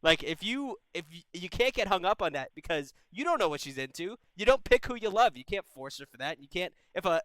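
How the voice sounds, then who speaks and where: A man's voice: high-pitched, fairly bright tone, no room sound, low-quality recording. A man in his twenties hosting a call-in advice stream, giving blunt, profane, brotherly advice in casual chat. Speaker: advice show host.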